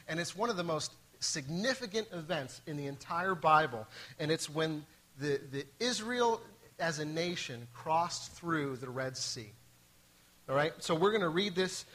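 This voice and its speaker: A man preaching from the pulpit in a casual, conversational way. His voice is bright and forceful and sits a little high, and he stumbles and restarts as he mixes scripture reading with joking asides. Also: rough recording. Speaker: pastor.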